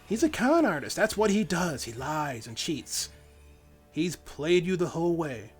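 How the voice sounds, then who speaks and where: A man's voice: fairly high pitch, very animated, unhurried, faint music behind, pitched above the performer's own voice. A man doing a taunting, cruel villainess. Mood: mocking. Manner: mocking, teasing sing-song lines. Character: taunting, cruel female villain with playful menace.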